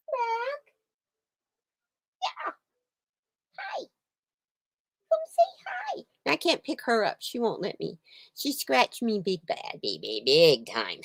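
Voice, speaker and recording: A woman's voice: lowish voice, vocal fry, dry recording. A woman hosting a casual chat stream from her home, rambling and laughing often. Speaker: channel host. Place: home room with a heater.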